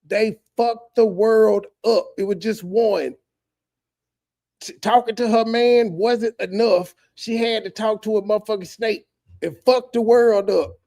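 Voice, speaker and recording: A man's voice: sits high, fairly even intonation, a little slow, creaky, mellow. A male streamer reacting to clips and ranting profanely at a viewer in chat, heated and preachy, drawing out words for emphasis. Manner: heated, preachy, addresses a chatter directly. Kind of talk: profane casual rant.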